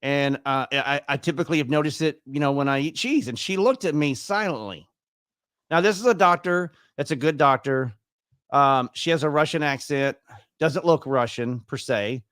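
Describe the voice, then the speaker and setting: A man's voice: a little high, normal speed, fairly bright tone, clean tone, no room sound, clean studio sound. A man in his fifties telling his own story as an interview guest, chatty and acting out the dialogue he quotes. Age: 50s. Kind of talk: casual personal storytelling.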